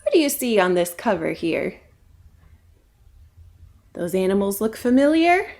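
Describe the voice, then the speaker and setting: Woman, children's librarian, storytime read-aloud, slow, lively pitch. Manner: animated, asking kids questions.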